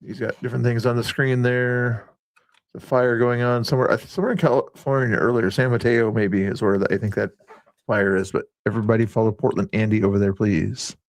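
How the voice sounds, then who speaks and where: Livestream host, rambling casual chatter, dry close mic. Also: male voice, mid-range voice, fairly even intonation, brisk, no room sound. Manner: rambling, chatty, reads chat aloud.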